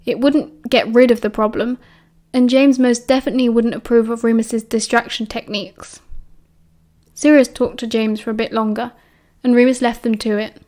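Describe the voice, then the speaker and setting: A woman's voice: fairly high pitch, level tone, normal speed, darkish tone. A woman with a British accent reading an audiobook chapter aloud, shifting her voice for the characters. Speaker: audiobook narrator.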